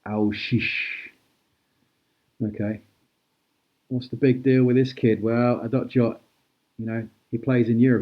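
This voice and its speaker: A man hosting a live-stream auction, chatty and brisk as he calls out prices and thanks bidders. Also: medium pitch, level tone, dull audio. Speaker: host auctioning cards.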